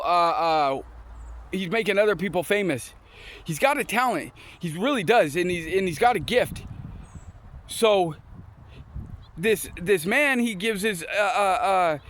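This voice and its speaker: Rambling high-voiced man telling stories. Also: fairly bright tone. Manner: rambling, repeats words and restarts often; mixes in scripture quotes. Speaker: motivational storyteller. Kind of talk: casual motivational storytelling.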